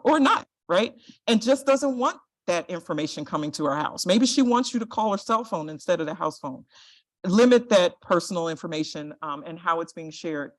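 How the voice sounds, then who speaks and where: Earnest woman lecturing, lots of "right?". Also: on the high side. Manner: earnest, direct, asks "right?" often. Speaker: guest speaker, compliance and privacy officer. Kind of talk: lecture presentation.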